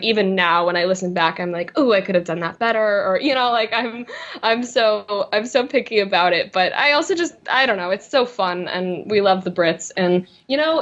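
A woman's voice: mid-range voice, a bit bright, muffled recording. A young actress chatting casually in an interview, bubbly and self-deprecating, often restarting her sentences. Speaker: voice and motion capture actress, guest.

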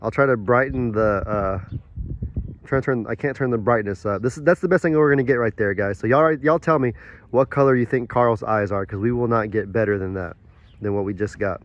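A man filming a casual farm vlog outdoors on his phone, chatting in a rambling way and softly coaxing his animals. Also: mid-range voice. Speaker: farm vlogger. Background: light wind outdoors.

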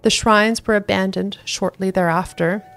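A woman narrating a fantasy book as an audiobook reader, in a steady storytelling read. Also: mid-range voice, normal speed, vocal fry, faint music behind.

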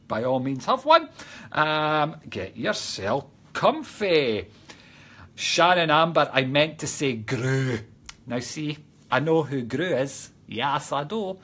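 A man's voice: a little high, sing-song, normal speed, fairly bright tone. A Scottish man hosting a casual live stream as a psychic medium, bantering playfully with his viewers and reading out their comments. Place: home room by a Christmas tree. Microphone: webcam close-up.

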